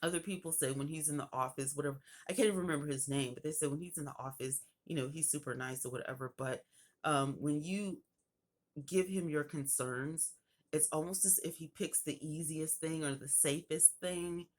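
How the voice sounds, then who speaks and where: A young woman vlogger recounting a personal story in a casual, animated way, acting out the people in it. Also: sits low, moderate pace. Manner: animated retelling with acted quotes.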